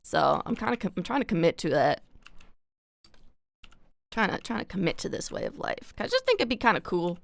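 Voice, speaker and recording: A woman's voice: medium pitch, sing-song, brisk, creaky, long pauses. A young woman from Canada chatting casually on a live stream, rambling with lots of fillers and casual swearing.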